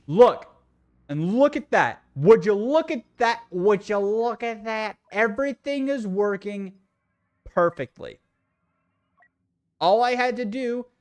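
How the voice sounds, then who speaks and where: A young man livestreaming a video game, ranting and swearing in exasperation while talking casually to his viewers. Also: high-pitched.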